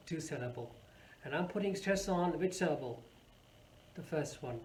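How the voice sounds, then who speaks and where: A man gives a pronunciation lesson in a slightly higher voice, saying each word slowly and stressing it with care. He sounds like he is in an echoey room with a faint hum behind him. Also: lively intonation. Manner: explains slowly, repeats words with careful stress. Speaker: English teacher.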